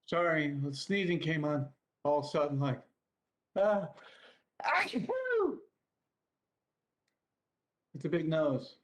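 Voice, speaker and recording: A man's voice: a little high, normal speed. A man leading an online devotional lesson for children over a video call, patiently spelling words out letter by letter.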